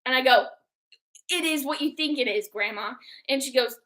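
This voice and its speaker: Young female co-host with a high, bright voice, lively at telling stories in casual chat. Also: unhurried, pauses often. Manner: animated storyteller who acts out quotes. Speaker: book club co-host.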